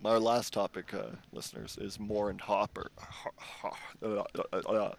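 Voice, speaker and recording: A man's voice: lowish voice, fairly even intonation, moderate pace, gravelly. A Canadian man co-hosting a podcast, talking casually in a rambling, playful way and swearing often. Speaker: podcast co-host. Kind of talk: casual chat.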